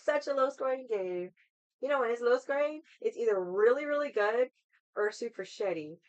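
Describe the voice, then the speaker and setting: This livestream host, a woman with an animated, somewhat high voice, chats casually with viewers at normal speed, rambling and cursing freely. It's a low-quality recording.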